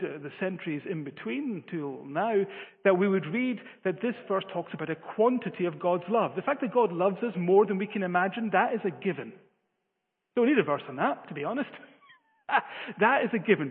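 A man delivers a sermon in an earnest, emphatic way, often restarting his phrases. His voice sits high and sounds slightly husky. The sound is thin like a phone line, with a long hall reverb behind it. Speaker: preacher.

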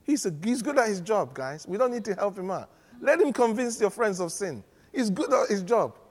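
A man preaching a sermon, animated and humorous, often laughing as he teaches. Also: high voice, moderate pace. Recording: long reverb of a large hall.

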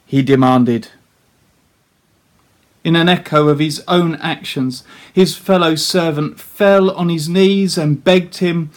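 A male preacher retells a parable in a slow, deliberate sermon. His voice sits somewhat high for a man. He speaks earnestly and often turns to his listeners with rhetorical questions. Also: fairly even intonation.

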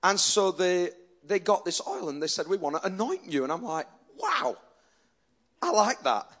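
In a sing-song, fairly bright voice pitched rather high, a pastor delivers an earnest sermon to his congregation at a moderate pace. He frequently stops mid-sentence and starts over.

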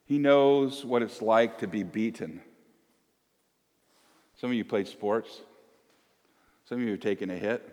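A man's voice: on the low side, unhurried, long pauses, darkish tone, in a large hall. A man in his fifties preaching as a pastor, folksy and emphatic, asking one question after another. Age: 50s. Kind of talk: sermon. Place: church.

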